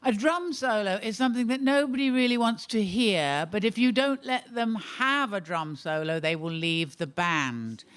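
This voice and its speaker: A woman delivers dry, deadpan observations as a panellist on a radio comedy show. Her tone stays level and understated. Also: mid-range voice, moderate pace, few pauses, smooth.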